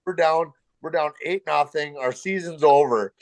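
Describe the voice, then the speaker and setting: A man's voice: a little high, normal speed, no room sound, low-quality recording. Profane ex-pro hockey man. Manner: profane, stumbling restarts, emphatic. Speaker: former pro hockey player guest. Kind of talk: casual chat.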